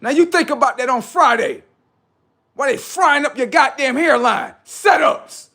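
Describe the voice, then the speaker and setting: A man's voice: extremely high pitch, a little slow, bright, forceful tone. A man hosting a livestream, delivering a boastful, heavily profane rant that taunts the people he is mocking. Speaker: livestream host.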